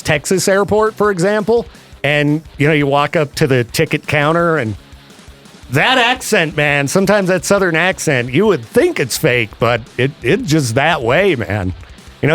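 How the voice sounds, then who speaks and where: A man hosting a radio show, chatting casually and laughing often. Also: on the high side. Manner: lively, animated, laughs often. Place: radio studio.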